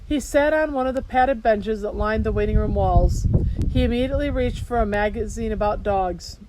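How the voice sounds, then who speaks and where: A woman reading a children's novel aloud in steady storytelling narration. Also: a little high, moderate pace. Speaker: audiobook narrator. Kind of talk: scripted narration. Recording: hiss behind voice.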